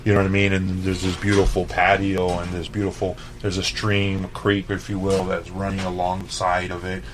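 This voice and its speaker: Man from El Paso, chef guest, casual storytelling, cusses a lot, fillers everywhere, lowish voice, faint background hiss. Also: fairly quick. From El Paso, Texas. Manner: animated, swears freely, peppers talk with "like" and "right?".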